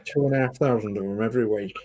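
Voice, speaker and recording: A man's voice: on the low side, rapid-fire, mellow. A man in easygoing casual chat, telling small everyday anecdotes.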